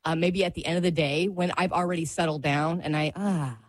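A woman hosts a faith-based radio talk show. She talks chattily and pokes fun at herself. Her voice sits a bit low, and she laughs easily. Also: fairly even intonation, a little fast.

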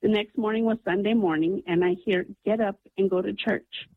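A woman's voice: medium pitch, steady tone, moderate pace, no room sound. A woman calling in to a radio show, earnestly telling a long personal story with many ums. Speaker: caller. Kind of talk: phone-in storytelling. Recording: tinny phone line.

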